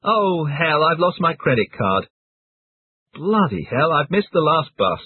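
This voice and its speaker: A man's voice: fairly high pitch, unhurried, slightly rough, no echo. A man reading English example sentences for a phrase lesson. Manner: reads short example phrases, lively intonation. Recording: tinny phone-like band, dry.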